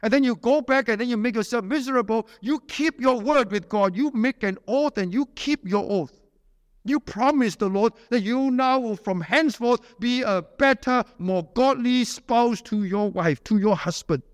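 A man preaching a sermon at a church camp, emphatic, swinging between loud urging and low, quiet pleading. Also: normal speed, studio quality. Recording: long hall reverb.

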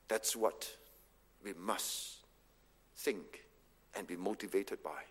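In a church hall, a male pastor preaches with a high-sitting, fairly bright voice, using short repeated commands to drive his points home. The recording has a reverberant hall sound.

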